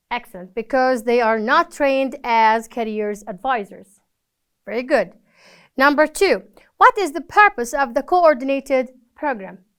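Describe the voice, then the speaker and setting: Woman, English teacher, high smooth voice, patient and encouraging with students. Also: fairly bright tone. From Palestine. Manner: patient, encouraging, gives praise after each answer. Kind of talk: recorded classroom lesson.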